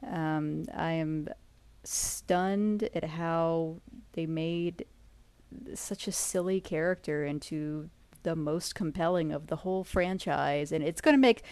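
A woman's voice: low-pitched, takes it slowly, darkish tone, clear, resonant tone, dry recording. A woman in a casual podcast discussion, thoughtful and articulate, speaking in long flowing sentences.

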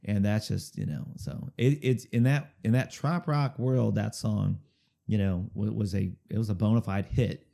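Mellow-voiced chatty male storyteller. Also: fairly low pitch, normal speed, vocal fry. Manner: chatty, rambling storyteller who keeps checking in with "okay?". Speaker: singer-songwriter guest. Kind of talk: casual interview storytelling.

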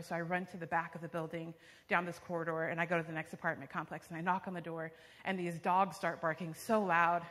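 A woman's voice: medium pitch, bright, forceful tone. A young woman telling her personal testimony to a church congregation, a vivid storyteller with frequent fillers. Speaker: church member giving testimony. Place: church sanctuary. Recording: long reverb of a large hall.

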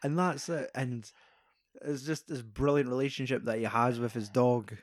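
A man's voice: medium pitch, normal speed, no room sound, clean studio sound. A young man, chatting casually and animatedly about a film, swearing freely. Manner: animated, sweary, acts out quoted lines.

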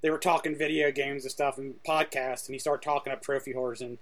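A man from Ohio co-hosting a podcast, chatting in a relaxed way and telling stories. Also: medium pitch, a little fast. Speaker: podcast co-host. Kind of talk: casual podcast chat.

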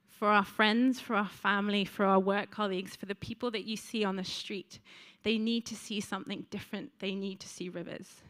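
A woman preaches to a church congregation in a bright, clear voice of middling pitch. She talks in a chatty way, full of ums and asides to her listeners. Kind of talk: sermon.

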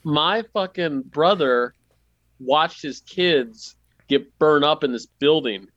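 A man's voice: on the high side, slow pace, a bit bright, dry recording, muffled recording. A man co-hosting a comedy podcast, telling crude stories with stammering starts and swearing. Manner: stammering starts, swearing, jumps into silly voices. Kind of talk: casual comedic storytelling.

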